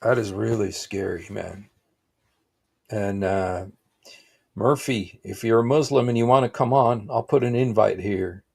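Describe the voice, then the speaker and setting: A man's voice: lowish voice, unhurried, creaky, long pauses, darkish tone, breathy edge. A man hosting a livestream, giving rambling, casual reaction commentary with frequent exclaimed asides. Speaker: livestream host.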